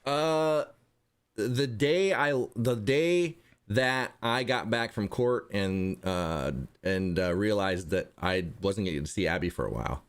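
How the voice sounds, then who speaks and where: Rambling lowish-voiced man. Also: animated, clean tone. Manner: rambling, halting restarts, dry humor. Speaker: interview guest, content creator. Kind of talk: casual conversation.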